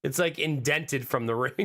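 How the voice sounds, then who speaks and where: A man in his thirties, slightly hoarse, chatting casually on a live stream and answering viewers by name. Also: medium pitch, moderate pace, sharp tone. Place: home streaming room.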